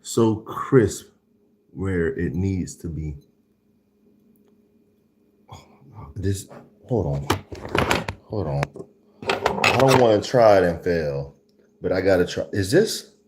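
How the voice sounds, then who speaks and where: A man hosts a live food tasting show and reviews his own cooking. His voice sits low and unhurried, then jumps up into excited exclamations. He moves between hushed murmurs and loud bursts of praise. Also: a little hiss or hum.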